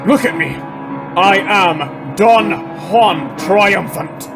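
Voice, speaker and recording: A man's voice: high-pitched, extremely slow, music in the background, full character voice. A man playing a tormented, possessive masked man, ranting and brooding in a theatrical monologue. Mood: raging, mocking. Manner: ranting, swinging from shouting to brooding. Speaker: actor in a student short film.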